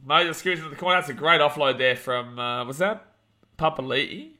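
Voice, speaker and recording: A young Australian man hosting a live watch-along of a rugby league match, calling the play, reading chat and ranting, shouting at big moments. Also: on the high side, normal speed. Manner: excitable, rants, shouts at big plays.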